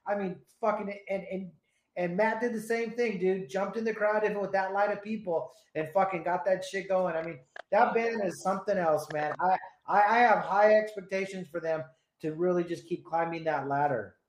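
A radio host with a high-sitting voice talks at a moderate pace in a casual on-air chat. He's laid-back and rambling, swearing often while telling stories, and the recording has a roomy echo.

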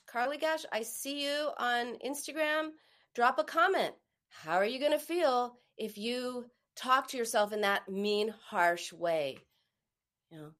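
Her voice sits high and sounds a bit bright as she hosts a live-streamed self-help talk about emotional eating. She coaches earnestly and now and then voices a harsh inner critic.

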